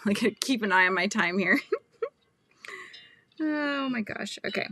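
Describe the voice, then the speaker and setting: A young adult woman hosting a casual painting livestream, chatty and laughing often, murmuring quietly to herself as she paints. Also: mid-range voice, lively intonation, unhurried, no room sound. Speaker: art livestream host.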